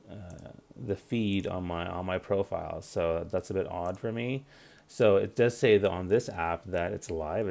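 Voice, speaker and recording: A man's voice: deep voice, gravelly, a little mellow. A man in his forties hosting a live career-advice stream, talking loosely with many fillers and restarts. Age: 40s. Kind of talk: casual live-stream talk.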